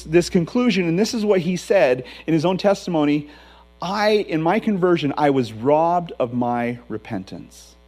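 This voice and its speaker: A middle-aged male pastor preaching a sermon in a conversational, emphatic way, with a low hum behind him. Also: darkish tone, low-quality recording.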